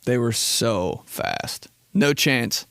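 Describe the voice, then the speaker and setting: A man's voice: mid-range voice, huge pitch swings, drawn-out words, gravelly, pushed and bright, no echo. A young man hosting a podcast, telling rambling, profane comedic stories and slipping into put-on voices. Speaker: podcast host.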